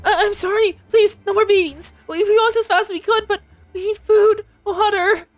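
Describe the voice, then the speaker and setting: Guy doing a high teary captive girl voice, begging, game read-along. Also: steady tone, moderate pace. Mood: pleading. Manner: pleading, tearful. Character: frightened young captive woman. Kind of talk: reading game dialogue aloud.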